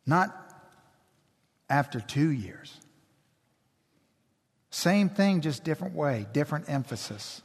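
A man preaching a sermon as pastor, slow and emphatic, building intensity. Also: on the high side, very animated, breathy edge. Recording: long hall reverb.

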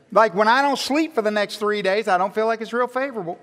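A male pastor with a high voice for a man, preaching in a lively, self-mocking storytelling manner. His words carry a long reverb that fills the church sanctuary. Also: fast talker. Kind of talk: sermon.

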